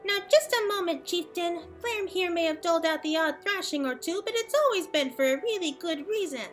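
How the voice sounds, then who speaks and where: A woman voicing an indignant little Moogle ambassador in a game, in a squeaky put-on voice. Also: lively intonation, brisk, faint music behind.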